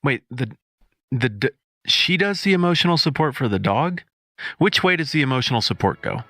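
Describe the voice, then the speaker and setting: A man co-hosting a podcast, reacting to a story with quick joking questions in casual chat. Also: medium pitch, expressive, fairly bright tone, dry recording, clean studio sound. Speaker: podcast co-host.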